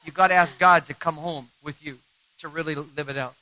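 A man giving a sermon-style talk on marriage, animated and self-mocking, laughing often. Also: on the high side, brisk, low-quality recording. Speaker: marriage speaker.

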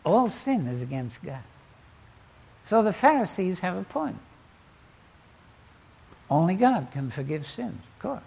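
Gravelly, animated male preacher. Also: high voice, unhurried, long pauses. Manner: dramatic storytelling, swinging between loud exclamations and quiet asides. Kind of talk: sermon.

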